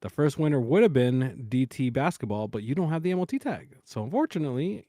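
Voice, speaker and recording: A man's voice: medium pitch, very animated, quick pace, mellow, no room sound, studio quality. A man co-hosting a livestream, running giveaways in a loose, chatty way and counting numbers under his breath. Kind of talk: casual livestream chat.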